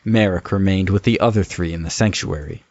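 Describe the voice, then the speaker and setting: Deep-voiced male storyteller. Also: a little fast, dry recording. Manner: steady storytelling. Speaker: narrator. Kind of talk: scripted narration. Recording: dull lo-fi recording.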